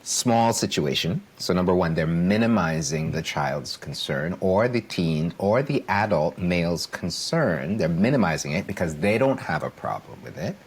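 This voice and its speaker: A man with a low, husky voice talks through a podcast discussion as a coach. He is emphatic, repeats his points for weight, and keeps checking in with the listener. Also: animated, moderate pace, hardly any pauses. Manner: emphatic, repeats key phrases, asks "right?" for agreement.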